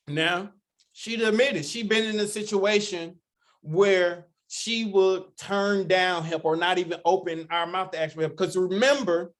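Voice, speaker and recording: High-voiced man preaching motivation. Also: a bit bright. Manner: preachy, rhetorical questions, emphatic. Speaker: host. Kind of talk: motivational group talk.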